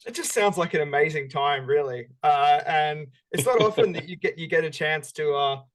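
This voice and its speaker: A fairly high-voiced man from Australia hosts an interview, friendly and chatty. He pads his questions with frequent "uh"s. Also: normal speed. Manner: friendly, filler-heavy questions with many "uh"s. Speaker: interviewer, host. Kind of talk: casual interview hosting.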